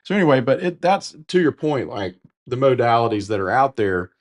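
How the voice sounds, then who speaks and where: A podcast co-host from the Carolinas, US, with a Southern accent, talks candidly in casual conversation, rambling and correcting himself as he goes. His mid-range voice is very animated and fairly quick.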